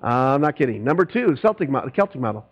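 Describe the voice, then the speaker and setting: Animated preaching man, high voice. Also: fast. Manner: animated, swings from loud preaching to quiet asides. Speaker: pastor. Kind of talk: sermon. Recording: dull lo-fi recording with mains hum.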